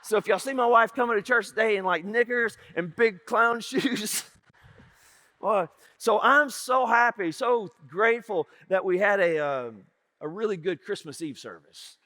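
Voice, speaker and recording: A man's voice: high voice, measured pace, pushed and bright. A middle-aged male pastor, telling a humorous story in a church sermon. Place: church sanctuary. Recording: reverberant church hall.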